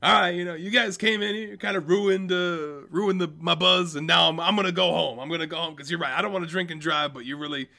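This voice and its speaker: Guy doing a cocky party dude, sarcastic, loud and bright. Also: on the high side, fairly even intonation, fast talker, gravelly, hardly any pauses, pitched above the performer's own voice. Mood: mock-polite. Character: cocky partying teen guy, mock-polite.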